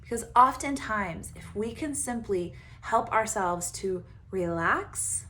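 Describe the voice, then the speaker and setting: A woman who coaches on the Enneagram and hosts a podcast gives casual self-help advice at medium pitch, with slight background noise. She's animated and laughs easily as she acts out her own inner voice.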